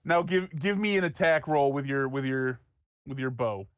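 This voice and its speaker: A man narrating as game master of a tabletop game, laughing often and dropping into quick voices for the players' thoughts. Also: mid-range voice, no echo, dull audio.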